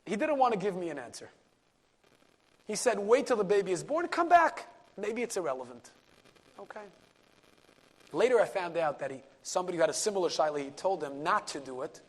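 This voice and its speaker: A man, a rabbi, telling a story in a class, animated, dropping to a hush at key moments and mixing in Yiddish and Hebrew words. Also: on the high side, a little fast, pauses often. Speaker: rabbi and lecturer.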